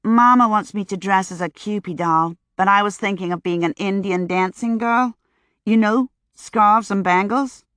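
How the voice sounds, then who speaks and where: A woman's voice: mid-range voice, normal speed, a bit bright, smooth, no echo, studio quality, close to an everyday voice. A woman voicing a chatty, brash young American flapper from Chicago in an audiobook, eager and gushing. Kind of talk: audiobook character voice.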